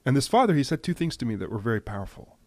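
A man giving impassioned news commentary, emphatic at times and dropping to a hushed, grave tone. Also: medium pitch, big pitch swings, rapid-fire, no room sound. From United States.

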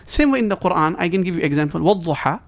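A man speaks quickly, rattling through explanations in broken English with a fairly high voice. He breaks into quick Arabic recitation as he makes his points, earnest and teacherly. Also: animated. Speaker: guest religious scholar. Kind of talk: explaining in conversation.

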